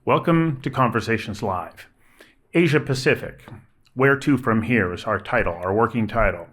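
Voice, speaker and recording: A man hosting a public affairs dialogue show, delivering a scripted introduction in a measured, emphatic way with deliberate stresses on key words. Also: mid-range voice, a bit bright. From Canada. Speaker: host.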